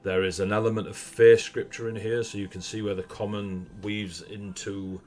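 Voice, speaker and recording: A young Northern English man runs a tabletop game, describing scenes in a very low voice. He rambles easily, with plenty of ums, and laughs often as he narrates. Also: flat delivery, normal speed, a little mellow. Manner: laid-back, laughs often, rambling with fillers. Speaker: game master.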